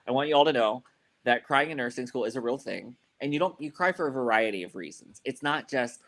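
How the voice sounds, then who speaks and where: A man's voice: medium pitch, animated, fairly quick, a bit bright. A man on a podcast, telling a story in casual chat, rambling and swearing, with lots of "like" and "you know.". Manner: frequent fillers like "like" and "you know". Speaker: podcast co-host.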